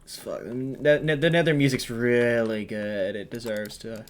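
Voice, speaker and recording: A man's voice: medium pitch, steady tone, measured pace, slight background noise. Rambling man commentating gameplay. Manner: rambling, thinking aloud with many ums.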